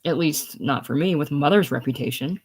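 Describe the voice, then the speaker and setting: A woman reads a bubbly young girl who chatters eagerly and gushes. The voice is lifted a bit higher and louder than the reader's own, in a casual play reading. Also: fairly quick, slightly rough. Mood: chatty. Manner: bright, chatty, effusive. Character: eager gushing young girl, a former pupil.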